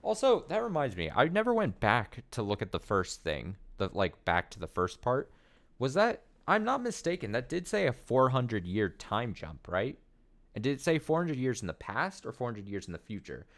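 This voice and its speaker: A man's voice: medium pitch, huge pitch swings, normal speed, a bit bright. A young man streaming a video game, chatting casually and wondering aloud as he reads in-game text. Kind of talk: casual gameplay commentary, reading text aloud.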